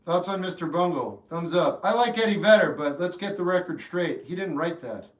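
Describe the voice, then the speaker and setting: A man hosting a livestream who answers chat questions in a deadpan, laconic way, with short replies. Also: sits high, normal speed. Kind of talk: casual chat. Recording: echoey room with guitar behind.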